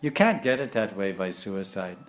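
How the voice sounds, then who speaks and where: A man preaching a spiritual sermon in a lively, animated way, chuckling now and then as he explains. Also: lowish voice, normal speed. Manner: animated, lapses into scolding voices when quoting; frequent chuckles and restarts. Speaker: spiritual teacher.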